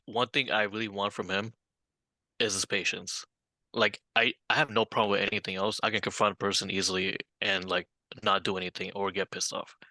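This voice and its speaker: A man's voice: on the low side, level tone, a little fast, sharp tone, no room sound, rough recording. A man co-hosting a casual podcast, chiming in with short agreements and laughing along. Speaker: podcast co-host.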